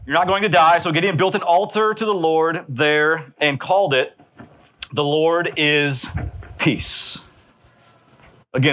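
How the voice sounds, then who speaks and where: A man's voice: on the high side, a bit bright. A man preaching a sermon in a conversational way, often checking in with his listeners. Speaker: pastor.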